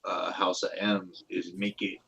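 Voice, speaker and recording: Male podcast guest, somewhat low voice, eager, cuts in and restarts often. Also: little pitch movement, a little slow, gravelly, a bit bright, husky, rough recording. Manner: eager, restarts a lot, talks over others. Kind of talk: casual chat.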